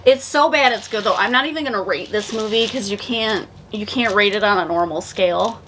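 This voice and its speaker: A woman's voice: medium pitch, fairly quick, fairly bright tone, slight background noise. A tipsy woman co-hosting a casual movie review, retelling the plot in a rambling, profane way. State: tipsy from drinking.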